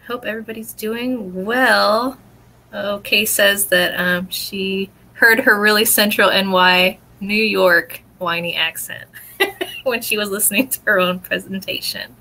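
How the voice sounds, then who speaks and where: A woman's voice: medium pitch, steady tone, unhurried, sharp tone, rough recording. A woman hosting a casual livestream, greeting viewers and reading comments, laughing often. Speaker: host.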